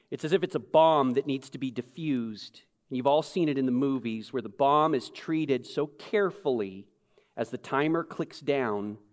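A man preaching a sermon, animated, swinging between loud exclamation and hushed emphasis. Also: medium pitch. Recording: long reverb of a large hall.

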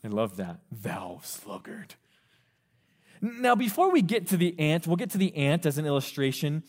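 A man preaching a sermon to a youth group, animated, acting out the voices of parents and teens. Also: on the high side, fairly quick. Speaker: youth pastor. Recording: long reverb of a hall.

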